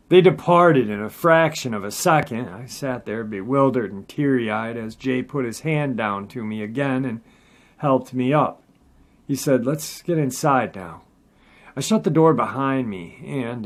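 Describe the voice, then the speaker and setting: A man, the channel host, reading a first-person paranormal encounter story aloud in a steady, earnest way. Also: medium pitch.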